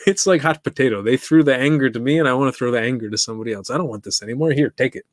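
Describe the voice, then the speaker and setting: A man of middle pitch muses aloud as the host of his own podcast, chatting on his own and turning questions back to the listener. He laughs easily, and his voice sits close and dry with no room around it. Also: fast, no echo. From East Africa. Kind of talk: casual solo monologue.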